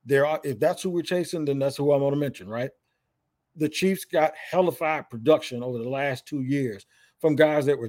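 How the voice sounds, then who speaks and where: Upbeat male sports podcaster from Jacksonville, slightly high voice, chatty talk. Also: darkish tone. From Jacksonville, Florida.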